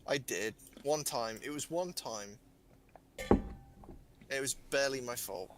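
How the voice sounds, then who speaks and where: A man's voice: medium pitch, measured pace, heavy background noise. Joking young man chatting while gaming. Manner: joking, self-deprecating, trails off and restarts. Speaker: gamer. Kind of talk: casual gaming chat.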